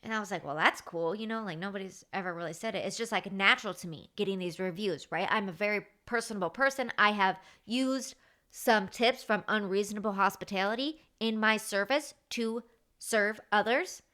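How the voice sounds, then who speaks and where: A woman, hosting her own podcast and telling work stories in a chatty, animated way, acting out what others said. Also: mid-range voice, fairly quick. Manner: animated, chatty, acts out quoted dialogue. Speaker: podcast host. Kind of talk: casual storytelling monologue.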